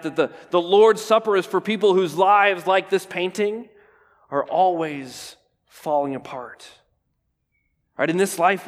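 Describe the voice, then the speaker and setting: A man preaching a sermon, pausing for effect and dropping to a near whisper on key words, often asking "right?". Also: on the high side. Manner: preaching with restarts and rhetorical "right?". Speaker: pastor. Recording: long hall reverb.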